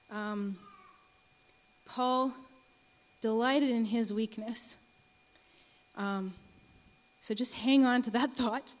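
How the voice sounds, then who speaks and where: A young woman in her early twenties giving an earnest sermon and testimony, speaking slowly with many ums. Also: fairly high pitch, steady tone. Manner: earnest, many ums, rises to emotional pleading. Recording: long reverb of a large hall.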